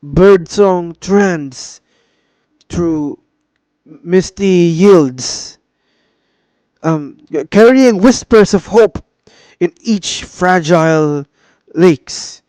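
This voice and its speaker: A man's voice: high voice, darkish tone, no room sound. A man voicing a nervous male poet reciting, stumbling and restarting his lines. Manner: halting, stumbling over words. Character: nervous young male poet at an open mic.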